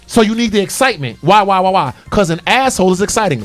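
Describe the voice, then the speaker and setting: A man's voice: high voice, animated, fast talker, hardly any pauses, a bit bright. A man hosting a call-in radio talk show, speaking passionately and preaching with lots of repeated emphasis.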